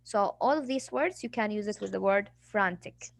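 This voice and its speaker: A woman's voice: mid-range voice, moderate pace, creaky, no room sound. Female English teacher, patient and explanatory, dry close recording. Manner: patient explaining, acts out examples. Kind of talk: classroom vocabulary lesson.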